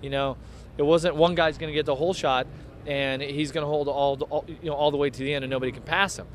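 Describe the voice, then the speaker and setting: A man's voice: a little high, fairly even intonation, quick pace, a little hiss or hum. Rambling middle-aged man telling race stories. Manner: rambling, storytelling. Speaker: former pro motocross racer, interview guest. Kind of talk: casual post-race interview. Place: outdoors at a motocross track.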